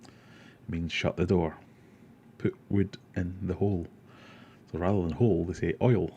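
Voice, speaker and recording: A man's voice: deep voice, steady tone, normal speed, warm tone, highs cut off, a little hiss or hum. A man hosting a casual livestream, rambling, joking and reading viewer comments aloud. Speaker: aquarium livestream host.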